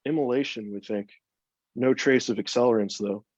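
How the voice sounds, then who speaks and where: Man voicing a calm crime scene officer. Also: mid-range voice, normal speed, no echo, close to an everyday voice. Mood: matter-of-fact. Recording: dull, dry, lo-fi sound.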